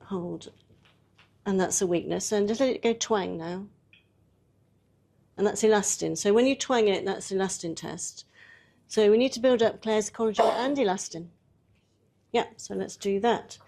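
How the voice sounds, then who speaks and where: Her voice is mid-range, gravelly and mellow, moving at a moderate pace with frequent pauses. This woman presents a live workshop demo in a relaxed, talkative style, walking a volunteer through every step with plenty of laughter.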